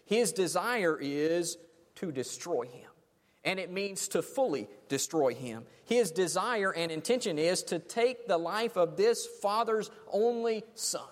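A man's voice: sits high, expressive, a little slow. A man preaching a sermon, dramatic, letting his phrases fade off almost to silence. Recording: long hall reverb.

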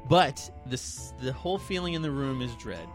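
A man's voice: medium pitch, normal speed. Rambling male storyteller, faint music. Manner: rambling, animated retelling with acted quotes. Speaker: podcast co-host telling a creepypasta story. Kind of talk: casual storytelling chat.

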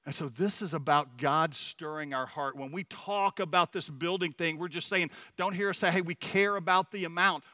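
A man's voice: a little high, pushed and bright, no room sound. A middle-aged man preaching a sermon at a Sunday service, earnest and personal, telling stories with frequent restarts. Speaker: church leader speaking at a Sunday service.

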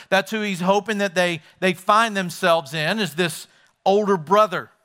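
A man's voice: high voice, sharp tone. A man preaching a sermon on a Bible parable, acting out the characters' lines as he retells the story. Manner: acts out the story's characters in voices. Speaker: pastor.

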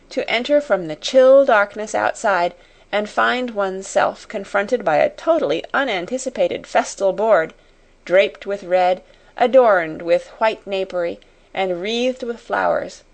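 A woman narrating an audiobook in a slow, measured reading voice. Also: medium pitch. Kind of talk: scripted narration.

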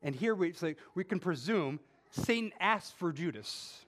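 A man's voice: high voice, moderate pace. A male pastor preaching a sermon, talking conversationally with questions to the congregation and building to emphatic peaks. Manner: animated, rising to emphatic peaks when stressing a point.

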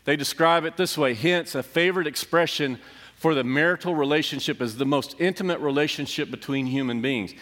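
A man's voice: a little high, fairly quick, fairly bright tone. A middle-aged man preaching a sermon, telling a personal story in a conversational, self-deprecating way. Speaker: pastor. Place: church sanctuary. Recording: long reverb of a church hall.

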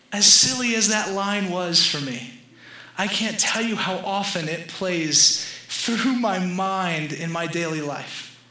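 A man's voice: sits high, sharp tone, reverberant, low-quality recording. A young man preaching a sermon in a conversational style, joking with the congregation. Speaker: pastor.

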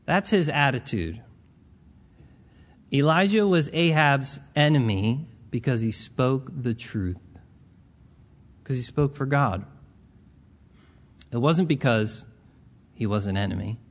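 A man's voice: mid-range voice, animated, takes it slowly, pauses often. A man preaching a Bible teaching in a casual, conversational way, retelling scripture stories in plain modern words.

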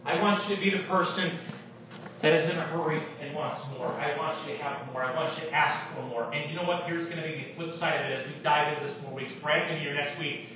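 A male pastor preaching a sermon with impassioned swings from loud declarations to hushed prayer, in a church sanctuary. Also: fairly high pitch, fairly even intonation, fast talker, a little hiss or hum. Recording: echoey distant room, dull lo-fi sound.

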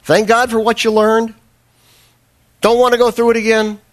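A man's voice: very high voice, little pitch movement, moderate pace. A man preaching a sermon as a pastor, telling a self-deprecating personal story with humor, then pressing his point with earnest, fervent emphasis.

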